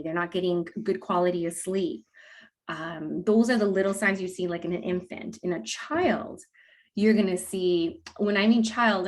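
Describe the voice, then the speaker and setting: A woman talking as a guest expert in a casual interview, explaining in a lively way and acting out what parents say. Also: on the low side. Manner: animated, acts out quoted parents with laughs. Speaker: guest expert on mouth breathing.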